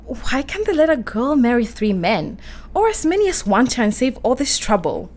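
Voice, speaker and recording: A woman's voice: on the high side, big pitch swings, moderate pace, darkish tone. A woman playing a flustered young English lady. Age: young adult. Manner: breathless, emotional, girlish. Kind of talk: radio play acting.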